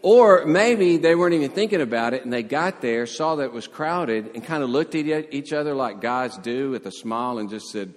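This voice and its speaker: A man's voice: mid-range voice, a little fast, few pauses. A man preaching a sermon as pastor, telling stories and lightly acting out quoted voices. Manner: storytelling, animated voices for quotes. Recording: long hall reverb.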